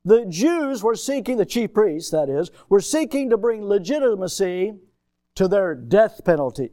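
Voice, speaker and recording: A man preaching a sermon as pastor, emphatic, swinging between loud and soft, and calling out to his congregation. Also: high voice, lively intonation, normal speed, no room sound. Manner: calls out to the congregation.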